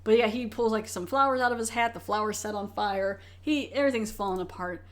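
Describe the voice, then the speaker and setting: A woman's voice: mid-range voice, quick pace. A woman co-hosting a casual podcast at home, retelling a film's plot scene by scene. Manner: retells plot in detail, acting out lines. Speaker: podcast co-host. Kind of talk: casual film review chat.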